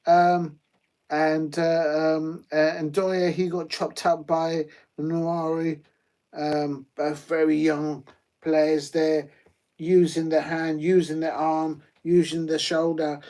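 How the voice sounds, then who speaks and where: A man hosting a live football watch-along, chatty and rambling with many fillers and sudden bursts of excitement. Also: a little high, takes it slowly.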